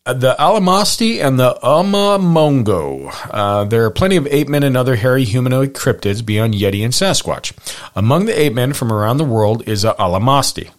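A man hosting a podcast, chatting casually from his notes with plenty of fillers and wry little asides. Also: lowish voice. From Pacific Northwest. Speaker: podcast host. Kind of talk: casual chat reading from notes.

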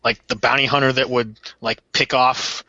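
A relaxed man who chips in trivia with plenty of fillers, in a bright, forward tone. The recording is dry and slightly dull. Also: mid-range voice, moderate pace, dry recording. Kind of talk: casual chat.

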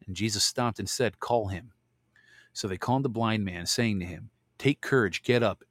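A man hosting a show where he reads Bible verses aloud and stops for relaxed personal asides. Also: lowish voice, normal speed, dry recording, clean studio sound. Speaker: host reading and commenting on scripture. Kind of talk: Bible reading with casual commentary.

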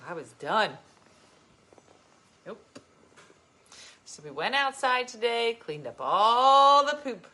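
Bright, animated woman vlogger. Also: fairly high pitch, slow pace, pauses often. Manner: emphatic, animated storytelling. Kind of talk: casual chat to viewers, reading comments.

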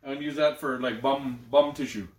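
A man's voice: mid-range voice, fairly even intonation, fairly quick, distant mic, background noise. A young man co-hosting a casual podcast, teasing his friend and laughing a lot. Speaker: podcast co-host. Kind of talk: casual chat. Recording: echoey room.

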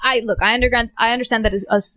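A man in casual chat who talks quickly and keeps restarting his sentences. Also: very high voice, little pitch movement, bright, forceful tone, no room sound.

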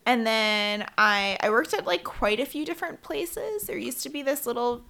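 Gravelly, bright-voiced woman. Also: on the high side, moderate pace. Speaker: guest, former chef. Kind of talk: casual chat.

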